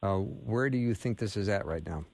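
A man's voice: on the low side, moderate pace, a little mellow, no echo. A man hosting a radio talk show, chatting casually with fillers and easy laughs.

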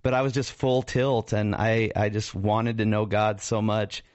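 A man's voice: on the low side, little pitch movement, a little slow, a little mellow, no echo, highs cut off. A pastor and radio co-host telling his life story in a radio interview, laughing often and acting out the voices of people in it.

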